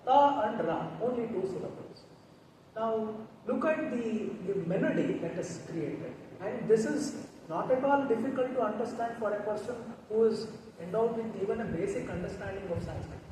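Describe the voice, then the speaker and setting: High-voiced Indian man lecturing in an echoey hall. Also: lively intonation. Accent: Indian English. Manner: chants verses slowly and melodically, then explains in English. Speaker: guest speaker on Sanskrit poetry. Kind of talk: lecture with recited Sanskrit verses. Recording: echoey hall, distant mic, noticeable noise.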